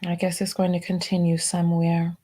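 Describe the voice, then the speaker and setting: A woman hosting a live stream, reading out viewer donation messages and softly thanking each one. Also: fairly low pitch, monotone, a little fast. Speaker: livestream host.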